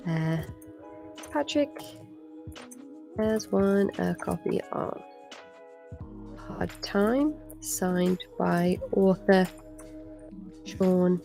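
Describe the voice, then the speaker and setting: A woman's voice: lowish voice, slow pace, creaky, long pauses, faint music behind. A British woman hosting a live charity stream, chatting casually with lots of fillers and restarts. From Britain. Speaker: stream host.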